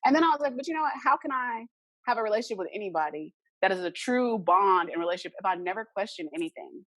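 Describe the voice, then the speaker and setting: Fast-talking woman telling a personal story. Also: medium pitch, lively intonation, a bit bright, no room sound. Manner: earnest, acts out remembered dialogue. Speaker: podcast guest.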